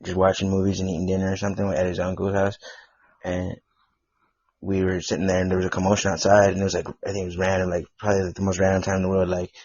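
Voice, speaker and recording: A man hosting a casual home podcast, talking in a husky, somewhat low voice. He rambles through his story with constant fillers and restarts. The recording is dull and lo-fi, very dry. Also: completely flat delivery, fast talker, darkish tone, no room sound. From Wisconsin. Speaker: podcast host.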